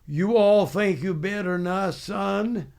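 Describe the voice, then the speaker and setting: A man's voice: high voice, slow pace, vocal fry, darkish tone, pitched above the performer's own voice, full character voice. A man putting on a barking Southern drill sergeant. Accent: American Southern. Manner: barking, calling the listener son. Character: gruff older male Southern drill sergeant.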